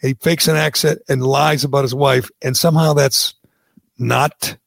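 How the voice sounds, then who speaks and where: A man's voice: mid-range voice, steady tone, a little slow, vocal fry, dry recording. A middle-aged man, hosting political talk radio with sarcastic, indignant ranting. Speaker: talk show host.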